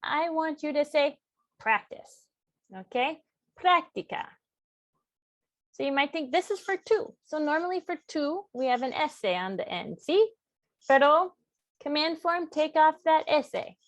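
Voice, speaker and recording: A woman's voice: high-pitched, expressive, unhurried, dry recording. A woman teaching a Spanish grammar lesson step by step, patiently mixing English and Spanish and checking in with her students. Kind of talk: classroom lesson, explaining step by step.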